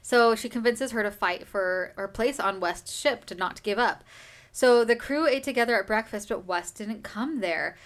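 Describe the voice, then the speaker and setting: A woman's voice: on the high side, normal speed. A woman hosting a book podcast, casually recapping a chapter in a chatty, filler-heavy way. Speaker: book discussion podcast host.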